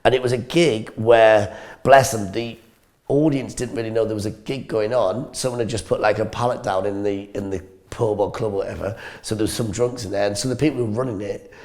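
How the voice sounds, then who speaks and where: A man's voice: fairly low pitch, a little fast. A man telling a comedy anecdote on a podcast, acting out the people in his story and laughing often. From northeast England. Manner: animated storyteller, acts out the people in his stories, laughs a lot. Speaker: comedian co-host.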